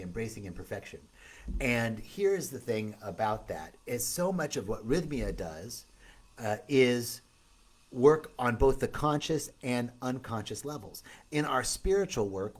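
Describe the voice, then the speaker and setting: A man's voice: medium pitch, breathy edge. A man hosting a loose, upbeat live stream, greeting viewers by name as he talks. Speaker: retreat host. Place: outdoor retreat in tropical setting.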